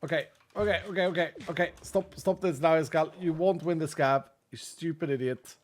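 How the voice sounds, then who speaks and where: Guy streaming a game, kinda high voice, tired and jokey, rambling to chat. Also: brisk, hardly any pauses. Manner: chatty, jokey, thinks aloud while playing. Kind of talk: casual gaming livestream chat.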